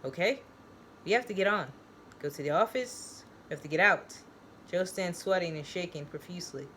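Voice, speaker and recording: A woman's voice: lowish voice, moderate pace, a little hiss or hum. Chatty woman reading her own story. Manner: chatty, excitable. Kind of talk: story reading and casual recap.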